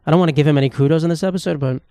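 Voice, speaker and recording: A young man rambles through a solo podcast at a quick clip, cursing freely and poking fun at himself. His voice sits a little high for a man, and the sound is close and dry. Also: mellow, smooth, no echo. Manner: rambling, profane, self-mocking. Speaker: podcast host. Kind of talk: casual solo podcast monologue. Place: home room with knickknacks.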